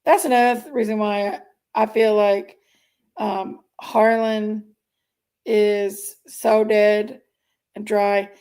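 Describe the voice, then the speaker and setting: A woman's voice: mid-range voice, steady tone, slow, darkish tone, smooth. A woman hosting a casual livestream, chatting and greeting viewers by name as she reads their comments. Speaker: livestream host reading chat.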